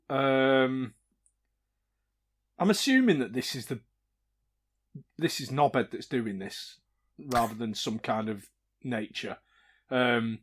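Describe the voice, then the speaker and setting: Hesitant man playing a tabletop game. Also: mid-range voice. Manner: hesitant, many fillers. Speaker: player. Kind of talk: casual tabletop game chat.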